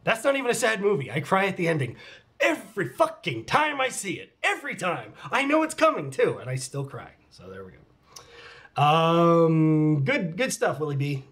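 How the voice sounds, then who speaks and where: A middle-aged man casually answering fan questions in a vlog, candid and relaxed, with mock-dramatic asides and casual swearing. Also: a little high, moderate pace. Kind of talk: casual chat, reading out comments.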